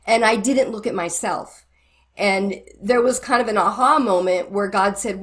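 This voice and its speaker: A woman's voice: medium pitch, normal speed. A middle-aged woman, a guest who ministers to married couples, telling stories in a conversational interview and acting out the conversations she quotes. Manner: animated, acts out quoted conversations.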